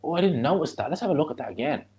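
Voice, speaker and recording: A man with a North Dublin accent, hosting a live fight watch-along, chatting loosely and reacting excitedly to the action. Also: a little high, very fast. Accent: North Dublin (Fingal). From Ireland.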